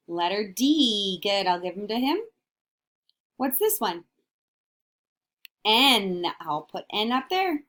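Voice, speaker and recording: A woman teacher giving a phonics lesson to young children, sounding out letter sounds slowly and encouraging them with questions and praise. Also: mid-range voice, fairly bright tone.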